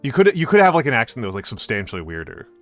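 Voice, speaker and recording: A man's voice: medium pitch, very animated, rapid-fire, no echo, faint music behind. A man, hosting a stream and chatting casually, rambling with lots of fillers and restarts. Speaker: streamer host. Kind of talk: casual chat.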